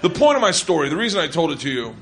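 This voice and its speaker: A man doing stand-up storytelling on a comedy club stage, loud and animated, laughing as he tells it. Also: on the high side, rapid-fire. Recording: loud noisy live recording.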